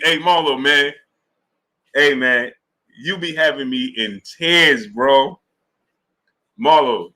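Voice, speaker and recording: Animated, bright-voiced man hosting a live stream. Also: mid-range voice. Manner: animated, talks to chat viewers by name. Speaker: sports live-stream host. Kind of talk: casual live-stream commentary.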